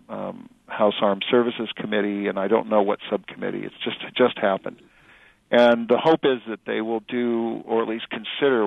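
A middle-aged man talks slowly through his answers, pausing and restarting often. His voice is low and very gravelly. The sound is dry and narrow, like a phone line on the radio. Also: no echo. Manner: thoughtful, halting, many fillers and restarts. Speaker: author and journalist.

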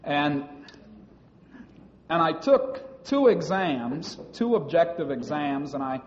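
A man giving a public talk about his time as a university student, telling stories in a measured way with some hesitant restarts. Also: fairly high pitch, lively intonation. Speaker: former university student recounting experiences. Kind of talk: public speech recounting personal experiences. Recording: dull lo-fi recording in a reverberant hall.

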